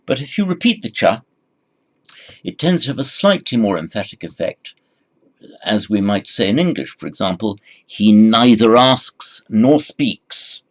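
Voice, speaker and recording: A man gives a recorded language lesson at an unhurried, deliberate pace. His voice sits fairly low, and he patiently says each phrase twice before explaining it. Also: sing-song. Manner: slow, patient, repeats each phrase for the learner. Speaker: Sanskrit teacher.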